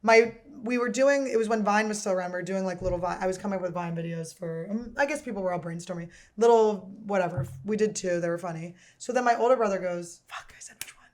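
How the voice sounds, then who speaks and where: A woman in her thirties hosts a comedy podcast, telling long, rambling stories full of crude jokes. Her voice sits at an ordinary middle pitch and the chat stays casual and loose. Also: fast, few pauses, darkish tone. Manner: crude, joking, rambling storyteller. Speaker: podcast host.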